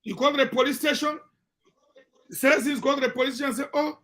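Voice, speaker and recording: A man's voice: extremely high pitch, steady tone, fast, sharp tone. A man with a Liberian English accent giving emphatic commentary on a call-in radio show, repeating his points for weight.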